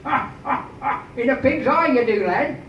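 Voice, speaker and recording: A man's voice: extremely high pitch, big pitch swings, normal speed, voice pushed up. A man voicing a drunk sea captain who talks in a boozy, jovial way. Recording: echoey, distant, dull noisy room recording.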